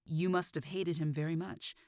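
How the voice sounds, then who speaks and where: A woman as a scared, hushed young teacher. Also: deep voice, fairly even intonation, moderate pace, no echo, clean studio sound, close to an everyday voice. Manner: quiet, barely above a whisper.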